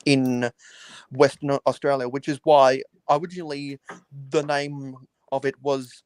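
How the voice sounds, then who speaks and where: Slow, smooth-voiced man, halting. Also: medium pitch, little pitch movement, darkish tone, no room sound. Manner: measured, halting, with many restarts. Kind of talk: casual chat.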